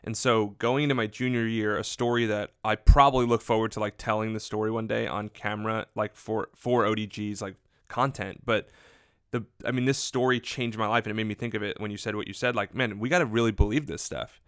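Guy telling a story on a podcast, earnest and animated, says like a lot, super dry close sound. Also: lowish voice, fairly quick, smooth, no room sound. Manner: earnest, animated, heavy use of "like". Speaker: podcast conversation partner. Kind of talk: casual storytelling chat.

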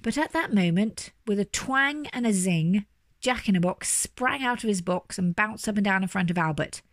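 A woman reading a children's story aloud with lively, animated delivery. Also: mid-range voice, moderate pace, no echo, studio quality. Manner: animated, doing character voices. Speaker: storybook reader.

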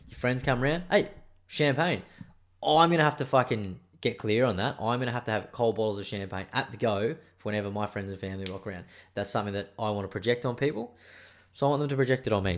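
A man with an Australian accent telling a rambling, profane, self-mocking story in a casual monologue. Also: fairly low pitch.

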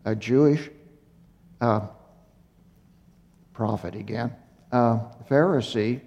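A man giving a Bible teaching, speaking slowly and haltingly with fillers and self-corrections, a little out of breath. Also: medium pitch, vocal fry, a little mellow. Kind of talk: unhurried Torah teaching. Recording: muffled recording in a reverberant hall.

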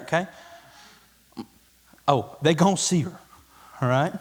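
A man's voice: on the high side, unhurried, in a large hall. A man preaching a sermon as pastor, folksy and conversational, building to emphatic peaks. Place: church sanctuary.

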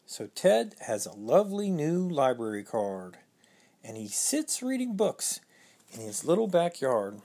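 Rhyming picture-book reader, unhurried and very lively in pitch. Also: slightly rough. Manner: sing-song, expressive. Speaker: storyteller. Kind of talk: rhyming storybook read-aloud.

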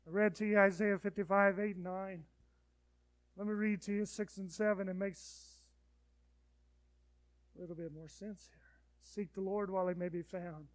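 A pastor delivers his sermon in a slightly high voice, rising to loud urgent appeals and then dropping to soft, hushed pleading. The sound is dry and close, with no room echo. He ends by leading the congregation in prayer. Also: steady tone, moderate pace, pauses often.

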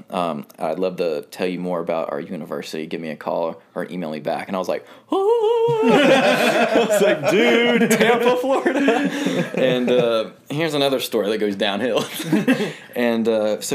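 A young man with a deep, low voice tells a story in an easygoing, rambling way. He is from North Carolina and fills his sentences with "like" and "um", laughing now and then as he talks. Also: brisk. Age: 20s. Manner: rambling, lots of fillers and laughs. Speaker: guest. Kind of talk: casual storytelling.

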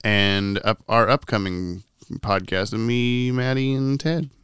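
A man's voice: lowish voice, steady tone, slow pace, a bit bright, smooth, no echo, studio quality. A man co-hosting a podcast in casual chat, laughing often, with a tired morning voice. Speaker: podcast co-host.

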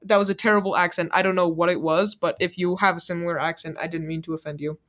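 A woman's voice: fairly low pitch, fairly even intonation, fast, a bit bright. A woman playing a casual guessing game as the contestant, joking and laughing as she talks. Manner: playful, jokey, laughs often.

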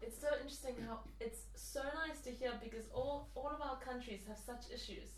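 A woman's voice: fairly high pitch, a little fast, distant mic, slight background noise. A woman hosting a podcast, chatty and teasing. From South Africa. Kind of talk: casual podcast chat. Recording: echoey room, off-mic.

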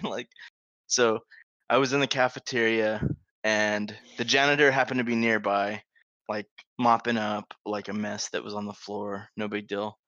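A man's voice: medium pitch, sharp tone, no room sound. A man co-hosting a podcast, casually telling a profane school story and laughing through it. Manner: laid-back, profane, laughs through his stories. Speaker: podcast co-host. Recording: dry, slightly dull sound.

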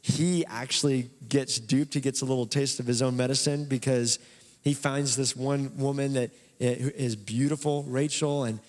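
A man preaching a sermon, retelling a story in a casual, animated way. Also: medium pitch, moderate pace. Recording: long hall reverb.

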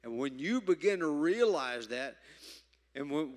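A man preaching a sermon, emphatic, moving from loud stresses to quiet asides. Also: a little high, expressive, measured pace. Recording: reverberant hall.

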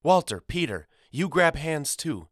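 A man's voice: fairly high pitch, big pitch swings, a little slow, no echo, studio quality, pitched above the performer's own voice. A man voicing a worried, loving mother in an audiobook, speaking urgently and pleadingly. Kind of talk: audiobook character voice.

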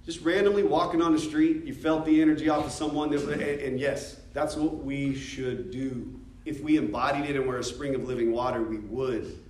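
A man's voice: mid-range voice, fairly even intonation, moderate pace, a little mellow. American man teaching a church class. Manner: conversational, asks the class questions, jokes and laughs. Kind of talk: informal teaching talk. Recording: echoey room from a distance.

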